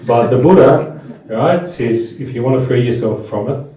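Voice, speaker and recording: A man's voice: medium pitch, moderate pace, mellow, slight background noise. A middle-aged man giving a conversational, anecdote-filled talk to a live audience in a room at a Buddhist seminar. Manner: conversational and anecdotal, with frequent restarts. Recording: very echoey room, voice from far off.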